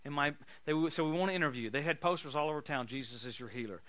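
A man preaching a sermon, telling stories in an animated, folksy way and laughing often. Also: a little high, racing, no room sound. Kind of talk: sermon with storytelling.

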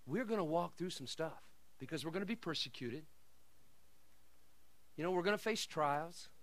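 A middle-aged man preaching a sermon, swinging from quiet asides and laughter to shouted declarations. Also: a little high, lively intonation, moderate pace. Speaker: pastor.

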